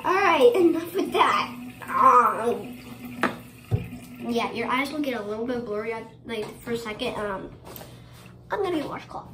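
A woman's voice: on the high side, expressive, moderate pace, pauses often. A young woman chatting casually in a get-ready-with-me vlog, rambling with lots of fillers and giggles. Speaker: vlogger. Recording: echoey room with ambient noise.

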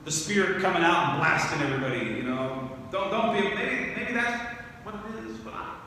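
A man preaching a sermon as pastor, talking in a conversational way that swells into animated emphasis on key phrases. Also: high-pitched, moderate pace. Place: church sanctuary. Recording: echoey church hall from far off, faint noise.

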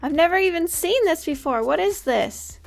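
A woman's voice: very high voice, lively intonation, moderate pace, gravelly, faint music behind. A woman hosting a casual gaming video, giggling often and bossing her co-player around in an upbeat way. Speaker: gaming channel host. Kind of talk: casual gameplay chat.

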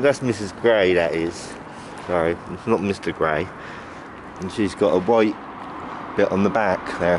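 A man in his fifties vlogging casually outdoors on a city street, chatting in a rambling way and calling fondly to pigeons by name. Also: deep voice. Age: 50s. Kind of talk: casual walk-and-talk vlog. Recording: outdoor traffic noise behind.

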